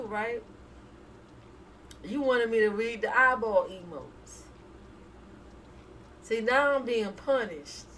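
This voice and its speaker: A woman's voice: high voice, a bit bright, distant mic, slight background noise, poor audio. A woman hosting a casual live stream, chatting and laughing as she reads viewer emotes aloud. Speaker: reaction streamer.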